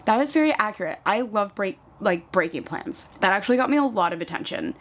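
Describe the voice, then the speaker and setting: A woman's voice: medium pitch, brisk. A young woman from the US East Coast chatting casually while doing her makeup at home, filling her talk with "like" and acting out little retellings. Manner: chatty, peppered with "like", animated retellings. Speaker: vlogger. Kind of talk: casual get-ready-with-me chat.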